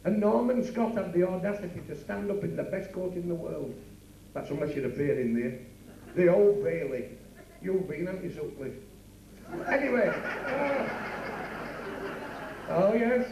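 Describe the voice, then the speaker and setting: Bawdy club comic, high voice. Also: male voice, expressive, a little mellow. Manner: bawdy, rapid patter with asides to the crowd. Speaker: club comedian. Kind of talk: stand-up comedy. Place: working men's club stage. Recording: echoey room from far off, noisy.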